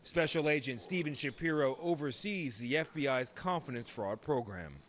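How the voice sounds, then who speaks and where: A male reporter voicing a scripted news package in a measured, serious tone. His pitch sits in a middle range for a man. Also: animated, a bit bright, slight background noise.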